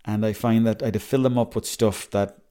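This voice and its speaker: A young Irish man talks through his week on a solo podcast, wandering from story to story and cursing freely. His voice sits a little low and comes across mellow and soft-edged. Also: fairly even intonation, fairly quick. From Ireland. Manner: rambling, chatty, swears freely. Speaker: podcast host. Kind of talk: casual solo podcast monologue.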